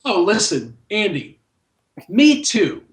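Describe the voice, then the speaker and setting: High, lively man joking about movies. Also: slow. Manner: animated, joking, wry asides. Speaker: podcast co-host. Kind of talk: casual movie chat.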